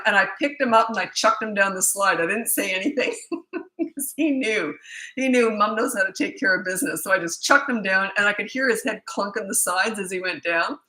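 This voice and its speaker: A woman's voice: mid-range voice, normal speed, bright, forceful tone, poor audio. A middle-aged woman, a parenting coach, answering viewer questions in a blunt, chatty way and telling stories with laughter. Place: Australia.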